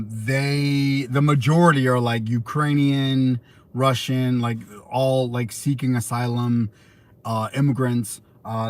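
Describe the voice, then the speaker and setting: Rambling American man on a livestream. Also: medium pitch. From United States. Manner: rambling, conversational, many fillers and restarts. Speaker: livestream host. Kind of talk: casual livestream chat reading viewer questions.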